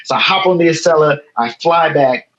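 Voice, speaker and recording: A man's voice: fairly high pitch, highs cut off. A man in his thirties from Chicago, a guest telling a long story in a casual interview, quoting people as he goes. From Chicago, South Side. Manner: animated, fast storytelling with quoted dialogue. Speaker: guest, photo editor.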